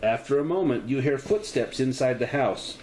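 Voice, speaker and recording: A man's voice: normal speed, slight background noise, poor audio. A man running a solo tabletop horror game, narrating the scene in detail and offering choices to a player. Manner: descriptive, with lively pitch, offering choices. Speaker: game master.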